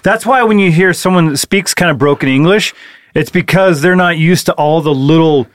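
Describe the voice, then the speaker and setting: A man's voice: on the high side, moderate pace, no room sound, studio quality. A man co-hosting a casual comedy podcast, riffing playfully and swearing freely. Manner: playful, profane, riffs with silly voices. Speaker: podcast co-host.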